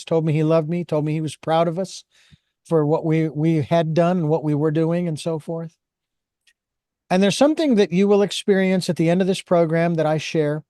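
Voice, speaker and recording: A man's voice: on the high side, warm tone, no room sound, studio quality. A man hosting an interview, talking in a rambling, hesitant way with many restarts. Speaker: host.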